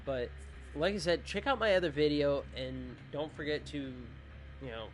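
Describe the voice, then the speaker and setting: A man's voice: fairly high pitch, a little slow, a little hiss or hum. A tired man hosting a gaming channel, chatting loosely through his video outro in a rambling, self-joking way. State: sleepy, tired. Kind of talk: casual video outro chat.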